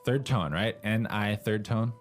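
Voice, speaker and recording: A man with a mid-pitched voice co-hosts a language lesson. He talks casually, asks guiding questions, and has soft music behind him. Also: slow pace. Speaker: lesson co-host.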